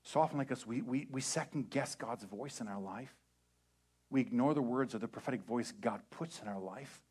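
Pastor, male, young adult, animated sermon delivery with mid pitch, acts out voices. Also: moderate pace, breathy edge.

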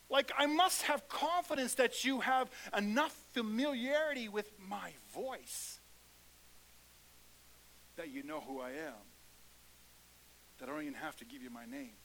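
A man preaching a sermon in a church, swinging between hushed lines and loud, fervent calls. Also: high voice, animated, normal speed, pauses often, slight background noise, poor audio.

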